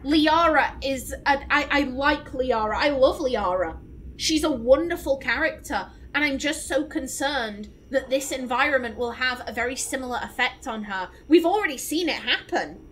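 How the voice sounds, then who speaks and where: A woman's voice: sits high, expressive, moderate pace, fairly bright tone, slight background noise, poor audio. A woman streamer giving casual let's-play commentary, rambling and emphatic with many restarts. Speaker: gaming streamer.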